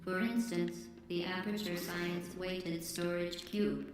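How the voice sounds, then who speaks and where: A woman voicing GLaDOS, a cold, polite female AI who runs a test lab, speaking in a calm, formal announcer manner. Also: on the low side, slow. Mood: coolly formal. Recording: heavily echoing game audio with music.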